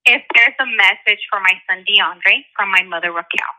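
A woman from Arizona calls in to a radio show by telephone. Her voice is very bright and tense, and she gives brief, polite answers. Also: medium pitch, normal speed, rough recording. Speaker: radio caller.

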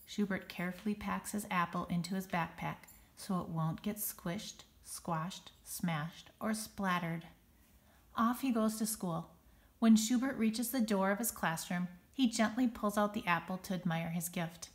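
Expressive woman reading a children's book. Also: on the low side, a little slow. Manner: expressive, with dramatic sound words. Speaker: storybook reader.

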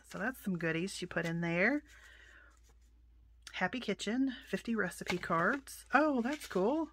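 Slow, soft-spoken woman vlogger. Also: mid-range voice, vocal fry, a little hiss or hum. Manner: soft-spoken, often exclaims in delight. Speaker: vlogger showing a mail haul. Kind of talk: casual unboxing chat.

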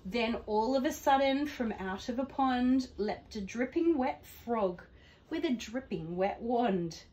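A woman, a teacher, reading a rhyming picture book aloud to children at home in a gentle, expressive way. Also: fairly high pitch, slow pace, lo-fi sound. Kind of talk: read-aloud storytelling for children.

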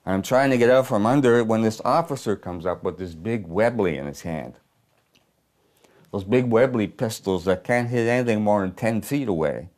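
This one-man-play performer gives a theatrical monologue in the role of a haunted, bitter old working-class war veteran with rough, profane, ungrammatical speech. His natural voice is on the low side and a little mellow, animated, at normal speed.

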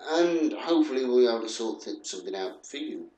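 A man hosting a let's play, commenting on the game in a jokey, animated way with frequent exclamations. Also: mid-range voice, fast talker, reverberant. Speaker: gaming host.

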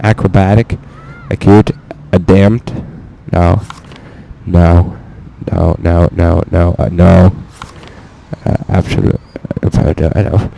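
A young man giving profane, excitable let's play commentary, talking to himself as he plays. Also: low-pitched, slow pace, creaky, a little hiss or hum. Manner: profane, excitable, talks to himself while playing.

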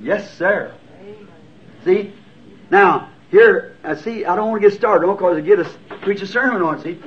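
A man's voice: sits high, normal speed, slight background noise. A man in his fifties with a Southern US accent, preaching a sermon and answering written questions in an earnest, folksy, self-deprecating way. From United States. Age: 50s. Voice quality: old, lo-fi tape recording. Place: church sanctuary. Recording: dull lo-fi tape recording. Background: congregation answering amen.

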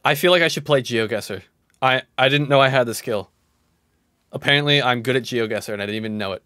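A man in his thirties streaming casual reaction commentary. He is excitable and jumps between shouting and muttering. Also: mid-range voice, fairly quick, smooth, dry recording, studio quality. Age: 30s. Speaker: live streamer.

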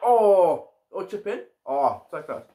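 A man's voice: high voice, sing-song, takes it slowly, warm tone. A man giving casual let's-play commentary as a gaming YouTuber, often stumbling and repeating his words.

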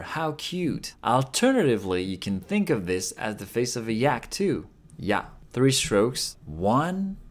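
A man teaching Japanese writing in a playful, scripted lesson, drawing out example sounds. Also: mid-range voice. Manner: playful, with drawn-out demo pronunciations.

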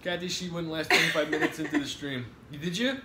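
A man's voice: on the high side, steady tone, fast, reverberant, heavy background noise. A man hosting a pizza review livestream, joking and swearing as he chats casually at a table indoors. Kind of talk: casual on-stream banter.

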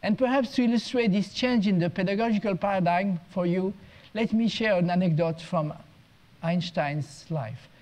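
Man, high voice, conference talk, education consultant, anecdotal, humorous, small restarts. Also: moderate pace, a little mellow, low-quality recording. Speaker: guest speaker, education consultant.

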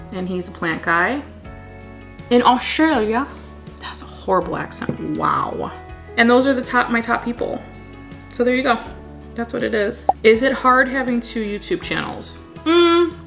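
A woman's voice: medium pitch, creaky, fairly bright tone. A woman chatting candidly in a casual question-and-answer vlog, laughing often. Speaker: plant vlogger and wedding photographer.

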